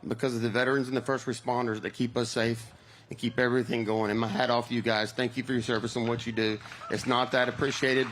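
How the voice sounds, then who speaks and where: A man's voice: mid-range voice, fairly bright tone, slight background noise. A middle-aged man, a pro angler, speaking emotionally and from the heart on an outdoor stage.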